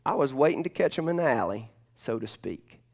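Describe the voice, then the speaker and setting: Man preaching with lively storytelling. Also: mid-range voice, a little fast, gravelly. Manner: storytelling, animated swings between loud and hushed. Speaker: pastor. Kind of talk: sermon.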